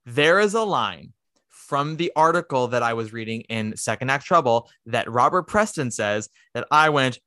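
A podcast host in casual chat, talking in an animated, opinionated way with quick asides. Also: mid-range voice, dry recording, studio quality.

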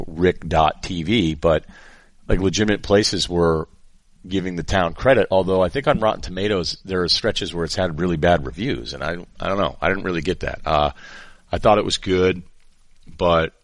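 A middle-aged man with a low voice, speaking at normal speed with no echo, hosts a podcast. His casual chat rambles and jokes, and he often interrupts himself.

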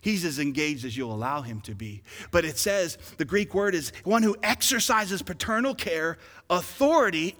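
A pastor in his forties preaching a sermon, swinging from loud urgent calls to quiet intimate asides. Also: on the high side. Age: 40s. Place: large church hall. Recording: long hall reverb.

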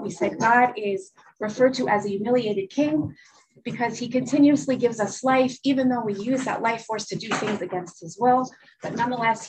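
Lively woman teacher reading to class. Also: fairly high pitch, background noise. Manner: lively, checks in with students often. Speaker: religious studies teacher. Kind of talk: reading a storybook aloud, then teaching a class.

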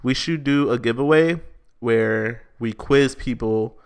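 A man co-hosts a podcast with a medium-pitched, slow, smooth voice. He chats casually, jokes, laughs a lot and swears freely.

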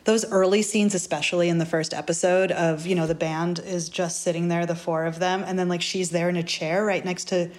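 A woman's voice: on the low side, fairly quick, hardly any pauses. A woman guest on a podcast, chatting casually and sounding incredulous, with lots of fillers. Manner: incredulous, lively, many fillers. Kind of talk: casual chat.

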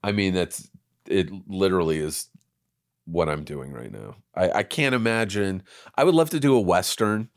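A man in his fifties, an actor guest on a podcast, telling stories in relaxed chat and swearing freely. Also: low-pitched, moderate pace. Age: 50s. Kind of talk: casual interview chat.

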